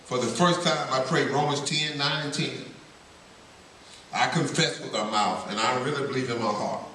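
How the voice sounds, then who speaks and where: A man's voice: mid-range voice, moderate pace, pushed and bright. A man tells his testimony to a banquet crowd with earnest, story-driven delivery. His voice echoes heavily around a large hall and sounds distant from the microphone. A faint hiss sits under the recording. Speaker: banquet speaker. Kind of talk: testimony speech.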